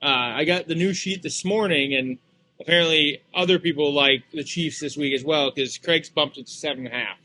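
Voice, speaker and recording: Brisk and sharp-toned, with a slightly high voice, a sports talk show co-host who also speaks for a casino chats casually. He hesitates a lot, restarting and filling gaps, over slight background noise.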